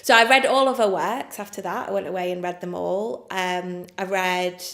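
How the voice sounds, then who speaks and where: English woman writer, candid interview, lowish voice, roomy echo. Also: fairly even intonation, moderate pace, vocal fry, a bit bright. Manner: chatty, frank, with many fillers and laughs. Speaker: playwright. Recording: echoey room.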